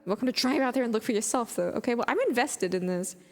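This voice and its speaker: A woman's voice: fairly high pitch, fast talker, darkish tone, big-room sound. A woman streamer reading horror stories aloud on a live stream, breaking off into chatty, rambling asides full of "like".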